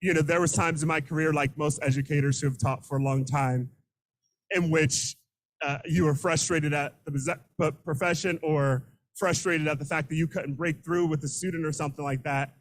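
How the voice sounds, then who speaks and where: Middle-aged guy teacher, kinda high voice, choked up and stumbly, thanking folks on a handheld mic. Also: steady tone, rough recording. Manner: emotional, halting, repeats words, laughs often. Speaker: teacher giving acceptance speech. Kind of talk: unscripted acceptance speech. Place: room full of students and colleagues. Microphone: handheld microphone.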